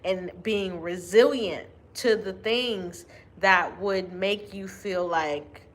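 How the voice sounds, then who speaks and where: A woman speaking unscripted to her viewers as a spiritual reader, slow and deliberate, with long pauses and restarts. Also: mid-range voice. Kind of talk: unscripted spiritual monologue to camera.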